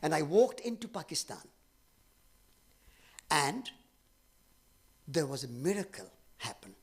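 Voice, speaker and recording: A man with an Indian accent tells a personal story to an audience, his voice somewhat husky and fairly high. His pitch rises and falls in lively swings, and he speaks earnestly, with dramatic pauses. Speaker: speaker at a public event.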